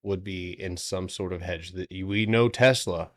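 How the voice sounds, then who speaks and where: A man's voice: sits low, steady tone, normal speed, a bit bright. A man hosting a stock trading livestream, giving loose, joking market analysis and swearing now and then. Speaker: stock trading stream host.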